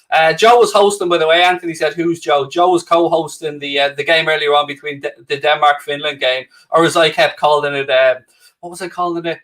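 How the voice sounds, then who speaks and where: A chatty Irish man with a fairly high, slightly bright voice hosts a livestream, reading viewer comments in casual live chat. His banter is cheerful and self-mocking.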